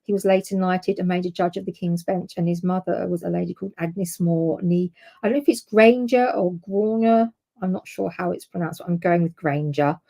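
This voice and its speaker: A woman's voice: lowish voice, brisk, vocal fry, warm tone. Give me a woman presenting on a history podcast in a chatty, self-correcting way. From United Kingdom. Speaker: podcast co-host presenting the topic. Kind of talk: casual history podcast chat.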